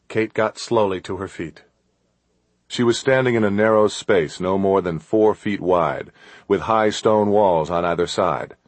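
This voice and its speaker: Male audiobook narrator, low husky voice, steady and measured, dry close sound. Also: no room sound.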